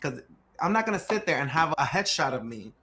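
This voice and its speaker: A man who runs a growth firm for startups, telling stories on a podcast with lively energy, acting out quotes and hammering key words through repetition. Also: a little high, brisk, slight background noise. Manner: animated storyteller acting out quotes; emphatic, repeats key words. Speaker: startup growth CEO guest. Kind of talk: podcast interview conversation.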